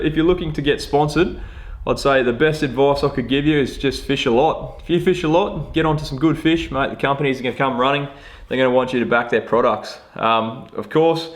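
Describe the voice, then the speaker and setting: Laid-back Australian man, matey and casual. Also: medium pitch. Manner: laid-back, matey slang, self-deprecating. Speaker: fishing vlogger. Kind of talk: casual Q&A chat.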